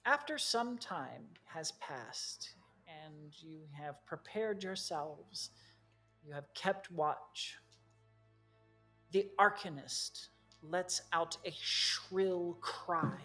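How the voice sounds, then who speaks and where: Slow, low-pitched woman narrating a tabletop game as game master. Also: a bit bright, faint music behind. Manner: slow, halting narration with fillers.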